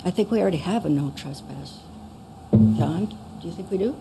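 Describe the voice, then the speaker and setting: Hesitant gravelly-voiced woman resident. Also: fairly low pitch, lively intonation, normal speed, over loud music. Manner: hesitant, questioning, many fillers. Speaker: resident giving public comment. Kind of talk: public comment at a town meeting.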